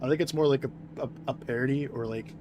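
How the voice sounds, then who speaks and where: A man's voice: mid-range voice, fast, highs cut off. A man streaming a game, rambling casually to his chat with lots of fillers and restarts. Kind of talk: casual gameplay commentary. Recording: noisy background.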